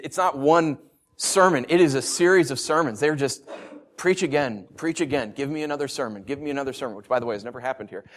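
A man's voice: fairly high pitch, a bit bright. A man in his thirties preaching a sermon in a conversational way, with self-mocking asides and emphatic rises. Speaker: pastor.

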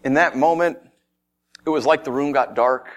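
A man preaching, telling a Bible story in first person as if he had been there, swinging from loud excitement to hushed tones and asking his listeners questions. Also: mid-range voice, moderate pace. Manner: addresses listeners directly with questions.

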